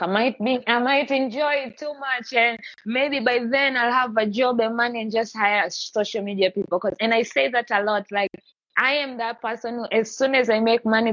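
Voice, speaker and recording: A woman's voice: on the high side, no echo. Chatty woman with a dull, dry sound. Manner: chatty, animated, many restarts. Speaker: podcast host. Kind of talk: casual live-stream chat.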